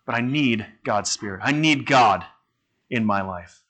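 Bright-voiced man preaching a sermon. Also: medium pitch, lively intonation, unhurried. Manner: conversational, asks the congregation questions.

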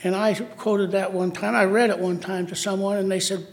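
A high-pitched man delivers a sermon, stopping and restarting his phrases and correcting himself mid-thought. His voice rings out with a long reverb, as if recorded in a large hall. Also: level tone. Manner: halting, with restarts and self-corrections.

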